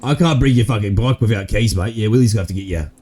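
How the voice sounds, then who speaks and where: A man's voice: on the low side, rapid-fire, darkish tone. Broad Australian man, crude banter. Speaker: streamer. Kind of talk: roleplay gaming chat.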